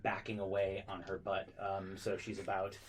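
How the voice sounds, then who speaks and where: A man narrating as game master of a tabletop game, halting, with many ums and restarts. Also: low-pitched, completely flat delivery, a little hiss or hum, rough recording.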